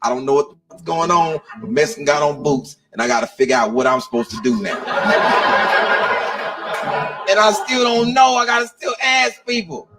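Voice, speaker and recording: A man telling a stand-up comedy story, animated, laughing as he goes and acting out the people in it. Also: a little high, moderate pace, a crowd in the background, low-quality recording. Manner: animated, laughs through his lines, acts out other people's voices.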